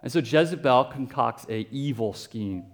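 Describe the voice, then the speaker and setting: A pastor preaching a sermon in a conversational way, with asides and everyday comparisons. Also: male voice, medium pitch, lively intonation, normal speed.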